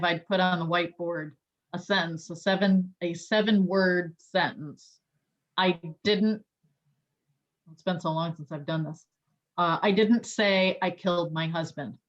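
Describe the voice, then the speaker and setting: A woman trainer explaining sales skills in a chatty, loose way with many fillers and restarts. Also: lowish voice. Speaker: real estate trainer. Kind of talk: online training talk. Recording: dull lo-fi audio.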